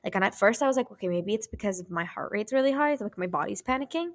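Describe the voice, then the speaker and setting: A woman's voice: mid-range voice, fast. A young adult woman co-hosting a podcast, telling a story in casual chat, cursing freely and acting out what everyone said. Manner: animated, profane, acts out quoted voices. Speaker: podcast co-host.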